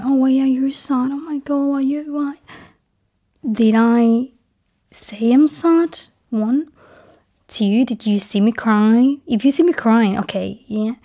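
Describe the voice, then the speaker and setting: A woman whose voice is a little high talks softly to her viewers in a personal vlog. Her delivery often turns into a breathy half-whisper, and she gives key words slow, careful stress.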